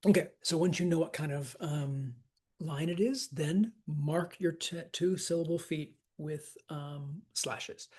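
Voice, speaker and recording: A man's voice: fairly high pitch, a little slow, a little mellow, breathy edge. A man teaching a casual lecture, explaining step by step with fillers and sounded-out syllables. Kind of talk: lecture on verse scansion.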